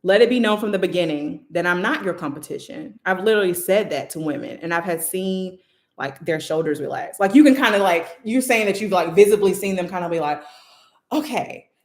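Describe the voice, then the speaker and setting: A woman's voice: on the low side, brisk, darkish tone. Chatty woman hosting in an echoey room. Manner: loose, chatty, full of "like" fillers. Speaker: host and moderator. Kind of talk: casual livestream discussion.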